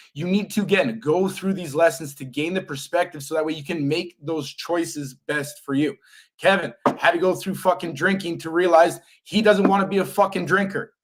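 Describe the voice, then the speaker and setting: Blunt, foul-mouthed young man, slightly high voice. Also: fairly bright tone. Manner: blunt, emphatic, swears constantly, motivational lecturing. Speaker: podcast co-host. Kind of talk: casual podcast chat.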